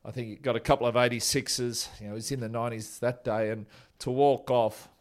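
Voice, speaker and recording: A man's voice: medium pitch, fairly even intonation, fairly quick. A man, a former cricketer who tells rambling, chuckling stories about an old teammate in a casual interview.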